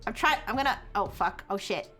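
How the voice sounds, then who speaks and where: A woman's voice: medium pitch, expressive, brisk, a bit bright, soft background music. A woman hosting a live stream, chatting casually and rambling, often cutting herself off and laughing. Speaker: livestream host.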